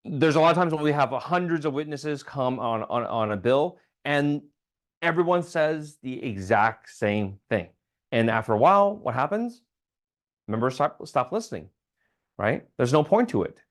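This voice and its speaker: A man's voice: medium pitch, animated, moderate pace. A man who is a state legislator giving a casual training talk at a town hall meeting, with frequent ums and restarts and checking in with "okay?".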